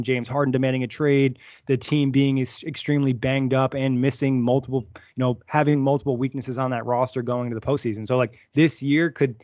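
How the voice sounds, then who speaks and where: A man co-hosting a podcast, talking things through in a steady, even way. His voice has a mid pitch. The sound is muffled and lo-fi, dry and close. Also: no room sound. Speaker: podcast co-host. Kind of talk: casual sports podcast chat.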